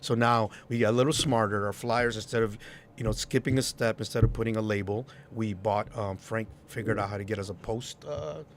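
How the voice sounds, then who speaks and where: A man's voice: fairly low pitch, brisk, slight background noise. A man, a club promoter and DJ, telling stories in a casual interview and acting out quoted voices. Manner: animated, acts out quoted voices.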